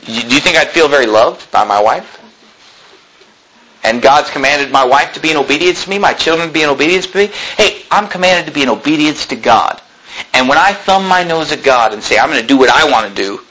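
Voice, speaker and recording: Male preacher, husky voice, bright and cutting tone, fervent sermon delivery. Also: low-quality recording. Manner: fervent preaching that swings from loud emphatic peaks to low asides; reads scripture aloud in King James wording. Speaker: pastor.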